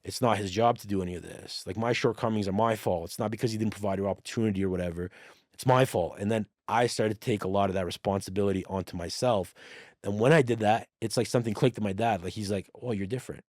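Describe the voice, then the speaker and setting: A man telling a personal story in a casual podcast conversation, animated, swearing freely and acting out the dialogue. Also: on the low side, fast talker, no room sound, studio quality. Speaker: podcast guest.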